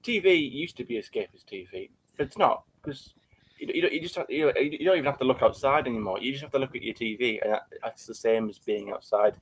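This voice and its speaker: A man's voice: medium pitch, quick pace, a little hiss or hum, poor audio. Hesitant man who keeps restarting. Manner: hesitant, repeats words and restarts. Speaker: podcast co-host. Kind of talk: casual podcast discussion.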